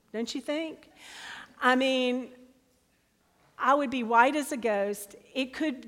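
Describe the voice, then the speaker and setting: Expressive woman preaching in a hall. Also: a little high. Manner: expressive, dramatizes scripture aloud. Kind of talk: sermon. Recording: long hall reverb.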